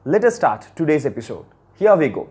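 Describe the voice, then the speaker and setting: A man's voice: fairly high pitch, big pitch swings, a little fast, noisy background. A man hosting a video lesson on English, speaking formally and earnestly and repeating key words for emphasis. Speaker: channel host and English teacher.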